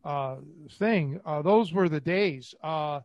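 High-voiced rambling man telling stories. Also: slow, darkish tone, no room sound, lo-fi sound. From Cleveland, USA. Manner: rambling storyteller, many restarts and fillers. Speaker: podcast host and catch wrestling coach. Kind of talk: casual podcast chat.

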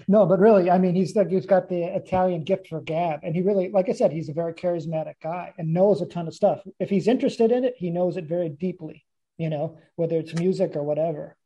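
Husky, very dark-voiced podcast host. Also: medium pitch, fairly quick, rough recording. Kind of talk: casual interview chat.

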